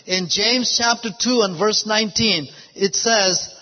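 A male preacher tells a story from his ministry, peppering it with praise and hallelujahs. His voice sits high and husky. The recording is dull and lo-fi, with a long reverb trailing each phrase. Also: unhurried, soft background music. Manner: storytelling, frequent "praise God" and "hallelujah" interjections. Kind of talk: sermon with personal testimony.

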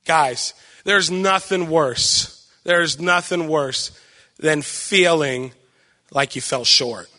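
A young man giving a sermon with personal stories, loud and animated, self-deprecating and acting out what people say. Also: fairly high pitch, slow, in a large hall. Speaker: preacher.

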